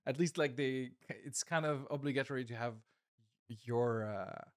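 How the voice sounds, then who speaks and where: A man's voice: mid-range voice, no room sound, clean studio sound. Thoughtful man comedian talking shop. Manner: reflective, measured, with many fillers. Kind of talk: casual podcast chat.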